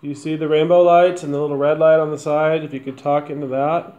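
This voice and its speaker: A woman's voice: sits low, flat delivery, quick pace, dark tone. A woman hosting a paranormal investigation, chatting with her group and speaking directly to spirits in an old hotel. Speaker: ghost hunting host. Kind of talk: casual paranormal investigation chat. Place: indoor room of an old hotel. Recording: echoey room, faint noise.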